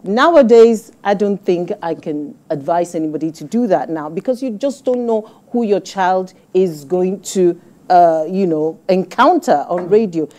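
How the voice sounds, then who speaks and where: A woman with a Nigerian English accent presents a studio panel discussion in a lively, opinionated way. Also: lowish voice, moderate pace. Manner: lively, opinionated, laughs while making points. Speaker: news programme presenter.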